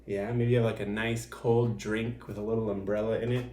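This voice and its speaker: A man's voice: fairly low pitch, flat delivery, a little fast, warm tone, reverberant, a little hiss or hum. A man acting as an art teacher, giving a video art lesson for young children and patiently explaining each step, with frequent fillers.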